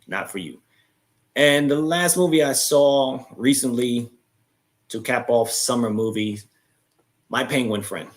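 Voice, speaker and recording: A young adult man hosting a live chat, casually retelling a movie's plot and acting out its lines in quick quoted voices. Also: fairly low pitch.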